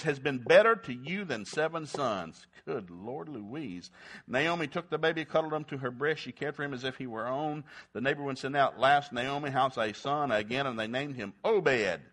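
A man's voice: mid-range voice, fairly bright tone. A man preaching a sermon, retelling Bible stories in a folksy, humorous way and acting out the characters. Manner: folksy storytelling with acted-out voices.

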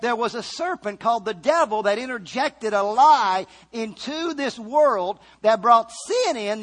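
A man preaching a sermon, fervent, swinging from loud calls to quiet asides. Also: very high voice.

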